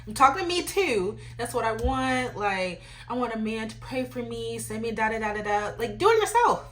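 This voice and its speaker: A young adult woman hosting a podcast, giving emphatic faith-based advice in a lively, ranting way, often asking "you know what I'm saying.". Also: on the high side, normal speed. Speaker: podcast host.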